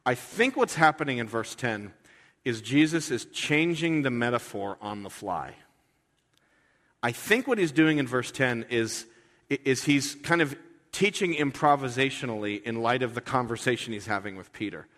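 A man's voice: medium pitch, lively intonation, normal speed, a bit bright, long reverb tail. A man preaching a sermon in a conversational, earnest way, often restarting his sentences. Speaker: pastor.

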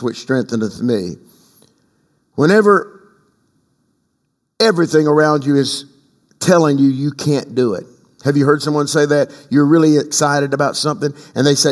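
A man's voice: a little high, moderate pace. An older man preaching a sermon as pastor, emphatic, leading the congregation in call-and-response. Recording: long hall reverb.

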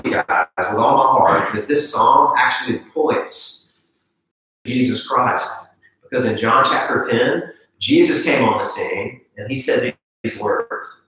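A man, a pastor, preaching a sermon with a personal story, animated and repeating words when excited. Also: medium pitch. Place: church sanctuary. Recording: live stream from far in an echoey church.

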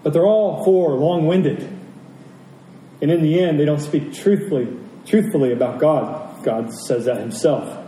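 A man's voice: fairly high pitch, measured pace, warm tone, a little hiss or hum. A man preaching a sermon as pastor, emphatic, asking rhetorical questions and repeating key phrases. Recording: roomy, distant from the mic, faint ambience.

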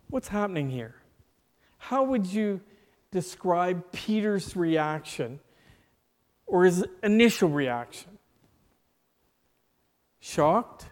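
Male preacher, sermon, unhurried and deliberate, with rhetorical questions; slightly high voice, long hall reverb. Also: darkish tone.

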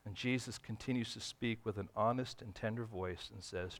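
A man preaching a sermon, swinging between loud emphatic bursts and hushed, tender lines, acting out quoted dialogue in a folksy, conversational way. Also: fairly low pitch, moderate pace, few pauses. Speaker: pastor.

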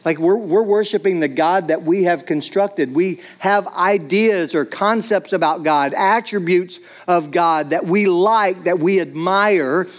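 This pastor's high voice moves at a measured pace with few pauses. He preaches in a relaxed, conversational style, saying "like" a lot and voicing different characters.

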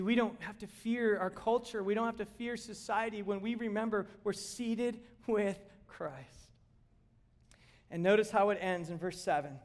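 A middle-aged man preaching a sermon as pastor, animated and emphatic, building to repeated exclamations. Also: sits high.

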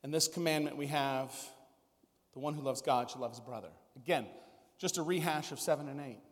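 A man's voice: mid-range voice, brisk, long reverb tail. A man preaching a sermon as a pastor, conversational, with many rhetorical questions.

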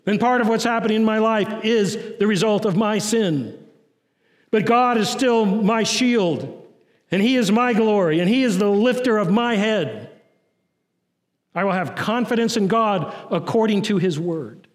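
A man delivers a sermon in a notably high voice, his intensity rising on urgent lines and sinking low and quiet on others. The sound carries a long reverb, as if recorded in a large hall. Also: a little slow. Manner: preaching with rising and falling intensity, dropping low and soft on key lines. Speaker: pastor.

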